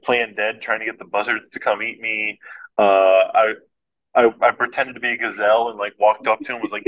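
A man from Michigan telling a story as a podcast guest, animated and laughing, acting out the voices of the people in it. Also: on the low side, muffled recording. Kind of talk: casual storytelling.

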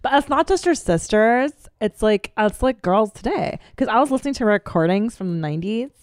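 A woman's voice: fairly high pitch, expressive, fairly quick, no room sound, clean studio sound. Chatty woman co-hosting a podcast. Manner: laughs easily, chatty and teasing. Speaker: podcast co-host. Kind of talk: casual podcast chat and host-read ad.

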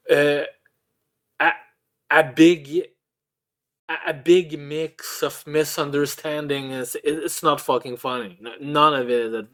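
A man's voice: fairly high pitch, a bit bright. A man co-hosting in casual chat, who stammers, repeats words and swears heavily. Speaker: podcast co-host.

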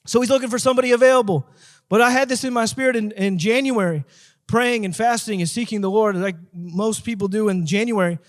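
A man with a high-pitched voice tells his testimony as a guest evangelist. He talks emphatically, repeating his points and rising into a preaching tone. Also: steady tone, fairly quick. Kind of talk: testimony told in an interview.

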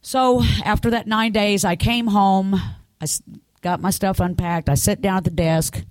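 A woman's voice: medium pitch, fairly even intonation, unhurried, darkish tone, no room sound. A middle-aged woman giving an earnest personal testimony as a church speaker, telling her story in a conversational way.

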